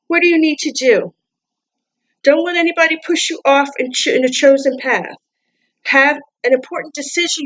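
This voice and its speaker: A woman's voice: sits high, a bit bright, low-quality recording. A woman giving a casual tarot card reading, often repeating herself and asking coaxing questions, with an accent. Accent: non-native English accent. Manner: repetitive, restarts words, coaxing questions.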